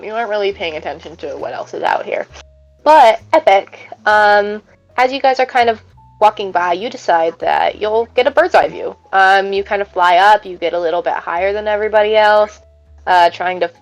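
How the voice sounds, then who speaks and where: A woman's voice: medium pitch, poor audio. A woman narrating as game master of a tabletop game, hesitant with many fillers.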